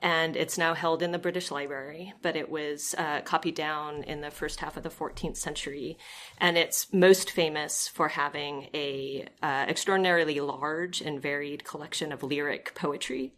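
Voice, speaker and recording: A woman with a notably low voice talks as a visiting professor of medieval literature. She explains her subject in a measured, careful way, in academic discussion. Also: steady tone, a bit bright, a little hiss or hum.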